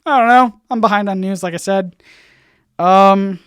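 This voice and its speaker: A man's voice: high-pitched, clean tone, no echo, studio quality. Rambling man answering chat questions. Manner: rambling, halting, lots of fillers and restarts; swings in loudness, bouncy. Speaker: YouTube channel host. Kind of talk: casual livestream Q&A.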